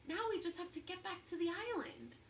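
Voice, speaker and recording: A woman's voice: very high-pitched, brisk, a little hiss or hum, voice pushed up. A woman reading aloud, voicing a polite, earnest young boy in a children's story. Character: eager young boy, cautious and clever.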